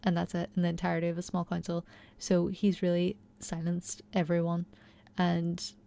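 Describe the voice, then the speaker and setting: A woman's voice: fairly low pitch, monotone, moderate pace, creaky, dark tone. A young woman giving a chatty, enthusiastic recap and analysis of a TV episode, peppered with fillers. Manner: chatty, enthusiastic, heavy use of fillers like "you know" and "like". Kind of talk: casual recap and commentary.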